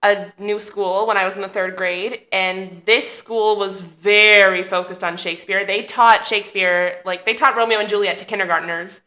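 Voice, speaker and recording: A woman's voice: mid-range voice, fairly even intonation, moderate pace, few pauses, bright, forceful tone. A woman actor chatting in a casual interview, bubbly and full of fillers. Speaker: actor guest.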